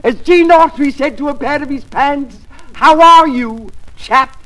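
An actor playing a pompous comedian who tells corny puns, in 1940s radio comedy style. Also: male voice, extremely high pitch, measured pace. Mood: hammy. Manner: pompous, delivers puns with flourish. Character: corny pun-telling male comedian Heathcliff. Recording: noisy old radio broadcast.

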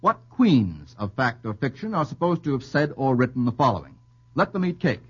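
On an old radio quiz show with dull sound and light hiss, the host banters wittily, slipping in quick jokey asides and chuckling at his own puns. His mid-range voice is sing-song with a breathy edge.

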